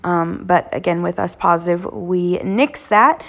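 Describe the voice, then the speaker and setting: A woman in her thirties or forties, a cooking channel host, hoarse from illness, chatting casually with lots of ums as she walks through weeknight dinners. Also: on the low side, unhurried, a bit bright. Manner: chatty, homey, frequent "um" fillers. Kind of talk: casual cooking vlog narration.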